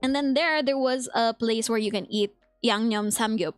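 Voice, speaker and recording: A woman's voice: a little high, normal speed, dry recording, faint music behind. Giggly Filipino woman streamer. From Philippines. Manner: giggly, laughs often; reads chat aloud and answers it. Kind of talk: casual chat.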